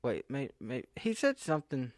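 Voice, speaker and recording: His mid-range voice swings wildly in pitch at a normal pace as this young man from the southern US vlogs casually, rambling, self-interrupting, and increasingly incredulous. The sound, from a computer screen recording, is dry and clean like a studio.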